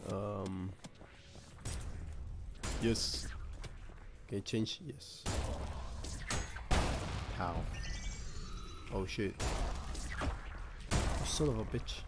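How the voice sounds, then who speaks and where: Slow-talking swearing game streamer. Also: male voice, lowish voice, over loud music. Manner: swears and reacts loudly while playing. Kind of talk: casual live gameplay commentary.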